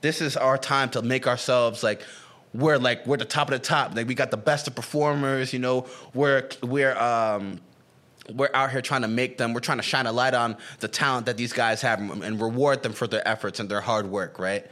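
A young man in easy, comedic chat, his talk loose and full of slang. He keeps acting out little quoted lines and bounces between stories, with his pitch sitting in an ordinary middle range. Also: normal speed. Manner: animated, slangy, acts out quotes. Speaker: podcast co-host. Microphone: camera-facing home recording.

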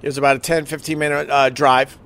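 A man's voice: medium pitch, level tone, fast, fairly bright tone, no room sound. A man telling a personal emergency story in a casual, emotional way, swearing and acting out what others said. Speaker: husband recounting an emergency.

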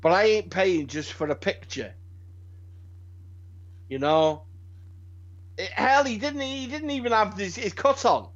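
High-voiced British man, rambling chat. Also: a little slow, long pauses. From Britain. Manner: rambling, animated, swears freely, frequent restarts. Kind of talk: casual chat. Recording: dull lo-fi sound.

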